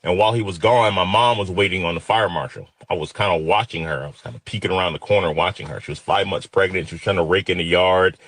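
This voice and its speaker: A man's voice: low voice, fast talker, hardly any pauses, fairly bright tone. Intense man in his fifties telling a story. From Detroit, USA. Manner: intense, emotional, vivid retelling. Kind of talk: personal storytelling.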